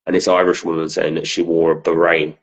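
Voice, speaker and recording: A man's voice: sits low, level tone, a little fast, breathy edge, rough recording. A man from southern England chatting casually as a podcast co-host, telling laughing stories and swearing freely. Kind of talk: casual chat.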